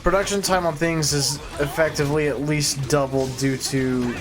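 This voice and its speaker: A man's voice: a little high, normal speed, crowd noise. A man live-streaming a video game, casually thinking aloud as he plays. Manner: relaxed, thinking aloud while playing.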